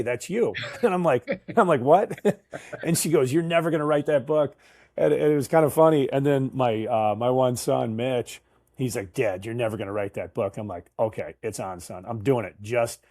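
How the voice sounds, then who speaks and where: A man's voice: medium pitch, a little mellow, dry recording, clean studio sound. A man in his fifties, a guest in an interview, telling chatty anecdotes with frequent laughs and restarts. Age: 50s. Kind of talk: casual interview storytelling.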